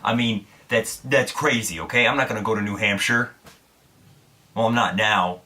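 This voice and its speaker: A man's voice: fairly low pitch, moderate pace, sharp tone. A young man from Indiana, a vlogger telling a story to camera in a candid, self-deprecating way, swearing freely.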